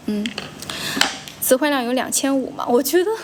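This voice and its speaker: A woman's voice: high-pitched, lively intonation, normal speed, background noise. Chatty young woman livestreaming. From China. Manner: switches between English and Mandarin, repeats and self-corrects. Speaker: livestream host, English teacher. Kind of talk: casual livestream chat answering comments. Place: friend's house.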